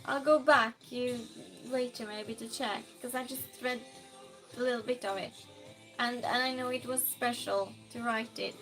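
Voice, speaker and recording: High, bright-voiced woman streamer chatting. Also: steady tone, normal speed, soft background music. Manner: chatty and warm with viewers, often laughing, bursts of yelling greetings. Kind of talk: casual live-stream chat, reading out viewer comments.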